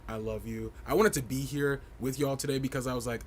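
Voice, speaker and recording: A man hosting a casual livestream fashion review, campy, playful and outspoken, with big swoops in pitch and frequent laughter. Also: animated, quick pace, few pauses. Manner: sassy and outspoken.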